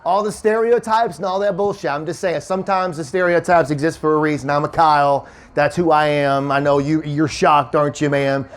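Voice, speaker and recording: Kentucky guy doing standup at a winery, high voice, swears a lot, cracks himself up, crowd laughing. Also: steady tone, brisk, few pauses. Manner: loose, profane, laughs at his own lines. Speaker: stand-up comedian. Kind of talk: stand-up set with crowd work. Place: winery comedy show before a live audience. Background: audience laughter.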